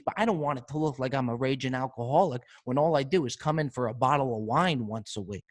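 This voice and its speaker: A male podcast host delivers an animated comedic monologue. He riffs from one bit to the next and keeps turning to his listeners with asides. His voice sits at a mid pitch. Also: quick pace, few pauses.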